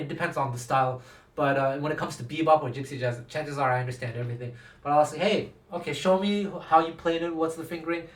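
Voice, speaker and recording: A man's voice: on the high side, a bit bright. Man teaching in a roomy echo. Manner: conversational, acts out quoted dialogue, frequent restarts. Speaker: guitar teacher. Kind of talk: casual talking-head lesson. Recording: roomy echo, speaking from a distance from the mic.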